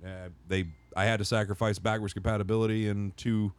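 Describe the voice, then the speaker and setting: A man's voice: lowish voice, little pitch movement, a little fast, clean tone. A man co-hosting a casual podcast, telling a long rambling anecdote with many restarts. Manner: rambling, self-correcting anecdote. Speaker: podcast co-host. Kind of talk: casual chat, storytelling.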